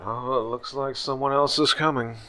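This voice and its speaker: A man's voice: mid-range voice, fairly even intonation, normal speed, bright, forceful tone, slight background noise. A man playing a tabletop role-playing game, dry and exasperated. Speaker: player.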